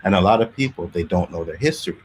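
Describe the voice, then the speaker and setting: Low-voiced Canadian male host, animated casual storyteller. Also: fast talker, heavy background noise. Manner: animated storytelling, acts out quotes, laughs often. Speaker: podcast host. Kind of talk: casual chat.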